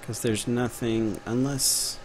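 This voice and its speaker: Taking it slowly, a young Texan game developer speaks with a medium pitch, fairly even intonation, and a Texan accent, over a little hiss or hum. His live-stream tutorial is casual, chatty, and jokey, and he mutters to himself as he works.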